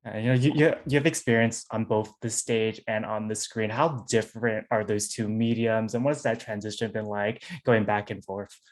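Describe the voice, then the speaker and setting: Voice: mid-range voice, fairly even intonation, normal speed, hardly any pauses. Interviewer, concise questions, affirming, mid-range voice. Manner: brief, encouraging, asks short questions.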